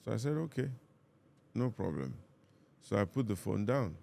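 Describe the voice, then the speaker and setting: A Nigerian pastor, a man, calmly telling a personal story in conversation and acting out what each person said. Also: lowish voice, creaky, a little hiss or hum. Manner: calm, measured, reenacts dialogue.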